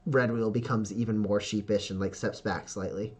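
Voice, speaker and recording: A man narrating as game master of a tabletop role-playing game, unhurried and full of "like". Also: fairly low pitch, steady tone. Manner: unhurried, lots of "like", laughs often.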